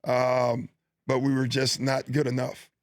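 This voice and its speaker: In a relaxed studio interview, a middle-aged basketball coach appears as a guest, telling coaching stories in an easygoing, wandering way full of fillers and restarts. His mid-pitched voice is completely flat and a little slow, recorded close and dry without any room echo.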